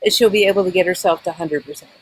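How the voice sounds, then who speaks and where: A woman's voice: fairly low pitch, rapid-fire, slight background noise, rough recording. A woman talk-show coach, earnestly guiding a caller and acting out example lines. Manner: earnest, role-plays apologies to demonstrate. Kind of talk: coaching conversation.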